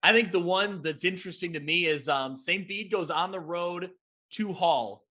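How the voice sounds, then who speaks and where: Guy hosting a sports talk podcast, high bright voice, upbeat game recaps. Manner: energetic, quick recaps of high school football. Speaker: podcast host.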